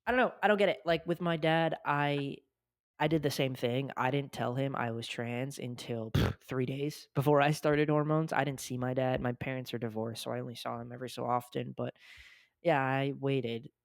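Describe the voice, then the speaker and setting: A man with a deep voice hosting a podcast in casual chat, talking fast and loose with lots of "like" fillers and swearing freely. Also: fairly even intonation, vocal fry, no echo. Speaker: podcast host.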